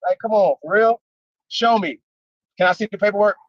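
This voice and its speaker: High-voiced emphatic man on a dry, dull line. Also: brisk, dry recording. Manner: emphatic, slangy, full of rhetorical questions. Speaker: guest on a livestream. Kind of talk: casual heated debate talk. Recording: dry, dull lo-fi stream audio.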